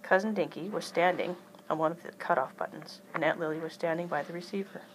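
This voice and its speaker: A woman reading a children's chapter book aloud in an even storytelling manner. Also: on the low side, quick pace, slight background noise, low-quality recording. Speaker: reader.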